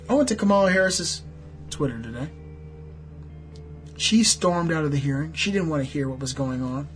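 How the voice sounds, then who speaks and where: A man's voice: fairly high pitch, expressive, normal speed, soft background music. A middle-aged American man ranting heatedly about politics, sarcastic and full of profanity. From United States. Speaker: political commentator. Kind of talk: angry political rant vlog.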